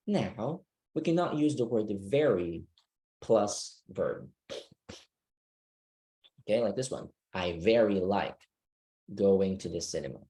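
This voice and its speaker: A man's voice: lowish voice, dark tone. A man teaching an online English speaking class, patient and checking that students understand.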